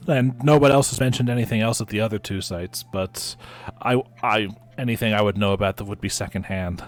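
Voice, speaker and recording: A man's voice: on the low side, brisk, soft background music. A man running a tabletop game as game master, who stammers and repeats words as he explains the rules.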